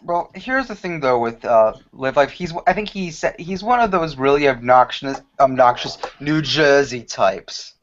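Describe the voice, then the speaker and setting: A man's voice: medium pitch, expressive, a little slow, few pauses, slight background noise. A man chatting casually on a group video call, hesitant and restarting his sentences. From Boston. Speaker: panelist in an online group hangout. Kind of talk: casual crude banter. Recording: lo-fi online call audio.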